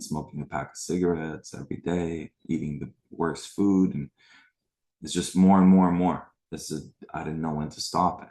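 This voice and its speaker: A man's voice: very deep voice, darkish tone. A man in his forties from the Middle East, hosting a spiritual retreat and casually sharing his life story with a live online group, greeting attendees by name.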